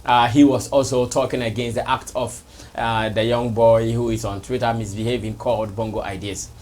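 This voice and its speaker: A Ghanaian man hosting an entertainment news show, speaking in a measured way and often affirming with short murmurs. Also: mid-range voice, flat delivery, a little mellow. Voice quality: measured, affirming with frequent mm-hmms. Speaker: host.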